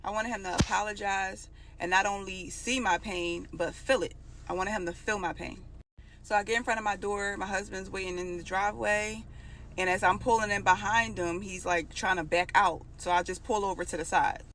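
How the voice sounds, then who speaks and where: A woman's voice: medium pitch, fairly even intonation, moderate pace, a bit bright, slight background noise. A young adult woman telling a personal story in a casual, emotional, conversational way.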